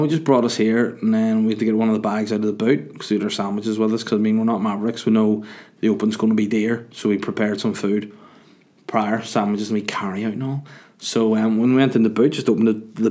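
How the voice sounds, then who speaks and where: A young man tells a rambling story to camera, poking fun at himself along the way. His voice sits a touch low and his delivery stays loose and chatty. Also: darkish tone. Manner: rambling, jokey, self-mocking. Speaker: vlogger. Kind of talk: casual storytelling.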